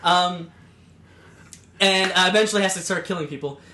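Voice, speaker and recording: A young man hosting a casual podcast, rambling through a story with lots of fillers and sudden loud put-on voices. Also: high-pitched, normal speed, noisy background. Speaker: podcast host. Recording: echoey room.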